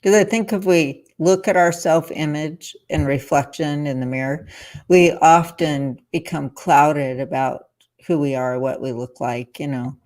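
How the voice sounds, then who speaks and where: A woman's voice: deep voice, steady tone, unhurried, a little mellow. A woman on a podcast who speaks in a reflective, supportive way, often saying "you know". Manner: reflective and supportive, with frequent fillers. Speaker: podcast guest. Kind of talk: casual podcast conversation.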